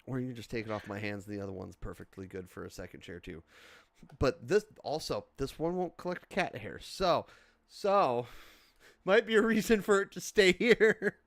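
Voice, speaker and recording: A man's voice: mid-range voice, lively intonation, normal speed. A man co-hosting a casual chat podcast, joking around in a playful way. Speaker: podcast co-host.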